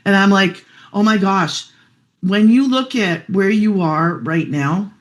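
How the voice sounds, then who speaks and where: A woman's voice: medium pitch, takes it slowly. A middle-aged single mother sharing a personal testimonial, heartfelt and chatty, fighting back tears at times. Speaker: guest sharing her story.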